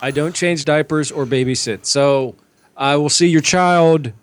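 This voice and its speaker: A man's voice: fairly high pitch, a little slow. A man co-hosting a podcast in casual chat, teasing the others with dry jokes. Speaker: podcast co-host. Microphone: remote call.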